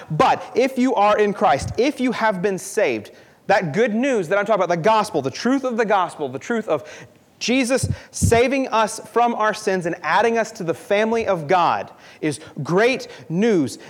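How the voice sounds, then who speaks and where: A young man preaching a sermon in an earnest, conversational way, often repeating himself for emphasis. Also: high-pitched.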